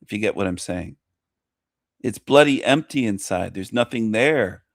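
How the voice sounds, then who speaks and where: A man's voice: lowish voice, expressive, normal speed, no echo. A man mocking a video he is reacting to, sarcastic and crude.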